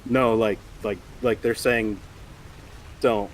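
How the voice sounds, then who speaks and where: A man running a tabletop game as game master, narrating in a halting way full of restarts. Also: on the low side, fairly even intonation, fairly bright tone, slight background noise.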